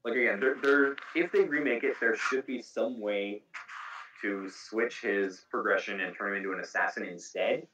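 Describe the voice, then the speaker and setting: A man's voice: fairly low pitch, moderate pace, fairly bright tone, lo-fi sound, a little hiss or hum. A man hosting a casual podcast chat about video games, explaining game details at length. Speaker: podcast host. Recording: echoey room, distant mic.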